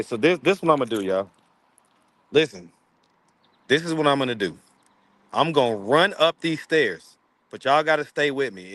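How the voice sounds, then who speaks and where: A man's voice: medium pitch, a bit bright. A man chatting casually with viewers on a phone livestream, indoors in his apartment. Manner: chatty, addresses viewers directly, easygoing.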